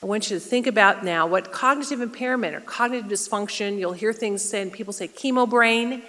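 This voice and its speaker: A woman's voice: medium pitch, brisk, a bit bright. Middle-aged woman lecturing in a hall. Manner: conversational, asks the audience questions. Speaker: nurse presenter. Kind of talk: community health lecture. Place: lecture room with an audience. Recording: reverberant hall.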